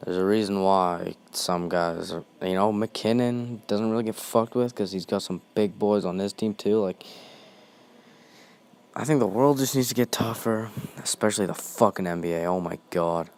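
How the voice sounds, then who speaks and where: A man's voice: lowish voice, normal speed, a little mellow, clear, resonant tone. A young man hosting a ranting monologue, heated and blunt, swearing constantly.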